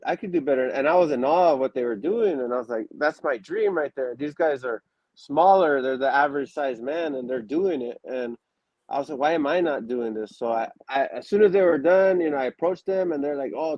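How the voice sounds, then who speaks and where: A man's voice: a little high, brisk, no room sound, dull audio. A man in a casual interview, telling stories with many restarts and fillers and acting out quotes. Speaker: wrestler guest.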